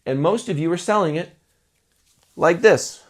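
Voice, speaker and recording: Speaking at an unhurried pace, a male music business coach offers casual talking-head advice to musicians. He's playful and animated, acting out mock sales pitches.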